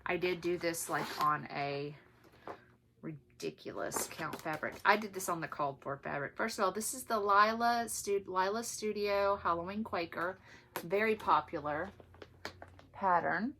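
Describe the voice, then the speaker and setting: A woman chatting casually as she shows her cross stitch projects, gushing, then dropping to soft asides. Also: fairly low pitch, moderate pace, a little hiss or hum. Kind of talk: casual show-and-tell chat.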